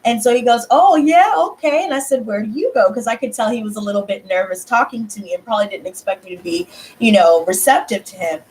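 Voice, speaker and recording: A woman's voice: mid-range voice, quick pace. A woman hosting her tarot channel, chatting casually to viewers and swearing freely as she acts out conversations. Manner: animated, swears freely, acts out dialogue in bursts. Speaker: tarot reader and channel host.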